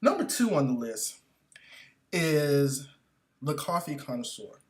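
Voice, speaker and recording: Profane, animated male comic ranting. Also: a little high, slow pace. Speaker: comedian. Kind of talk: comedic storytelling rant.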